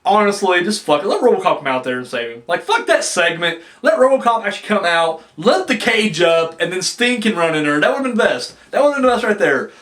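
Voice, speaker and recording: High-pitched guy ranting in his wrestling review vlog, swears a lot, voice all over the place. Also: very animated, a little fast, few pauses, a bit bright. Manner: ranting, profane, frequent restarts. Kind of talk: casual video review.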